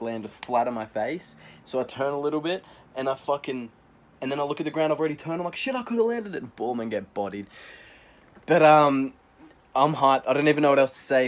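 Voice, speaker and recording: Young man buzzing, swearing, fast-talking. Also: mid-range voice. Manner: excitable, swears constantly, rambling retelling. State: buzzing on adrenaline. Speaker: vlogger, scooter rider. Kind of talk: casual vlog to camera.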